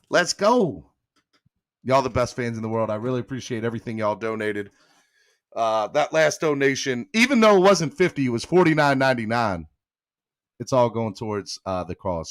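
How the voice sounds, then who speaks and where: Male stream host, Miami Southern accent, lowish voice, loose and chatty with the viewers. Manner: shouting out donors, hyping the chat. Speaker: podcast host. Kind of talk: casual live-stream chat.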